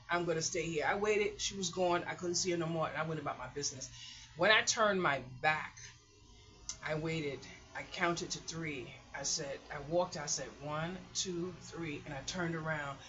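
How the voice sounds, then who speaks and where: A woman vlogger tells a story in a casual, emphatic way and acts out the lines she once said. Her voice is bright and sharp. The recording is dull and lo-fi. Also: deep voice.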